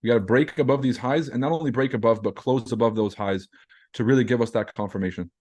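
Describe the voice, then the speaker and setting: A man's voice: mid-range voice, fast, a little mellow, breathy edge. A man hosting a live trading stream, chatting casually in a brash, profane, joking way while reacting to chat messages. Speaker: trading livestream host.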